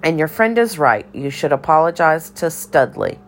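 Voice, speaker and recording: A woman's voice: low-pitched, lively intonation, normal speed, soft background music. A woman voicing an eccentric older cafeteria lady who speaks in riddles and scolds in a theatrical sing-song. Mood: bossy.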